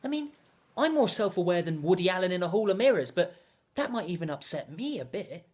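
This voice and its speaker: A young man delivering a deadpan, rambling comedic monologue as a self-absorbed character. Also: high voice, a little fast.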